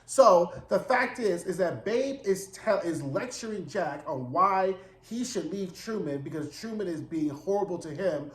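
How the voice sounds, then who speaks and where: A man's voice: sits high, lively intonation, measured pace, few pauses. A man hosting a casual TV recap, talking in a chatty, dramatic way with frequent asides and swearing. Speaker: TV recap host. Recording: roomy echo.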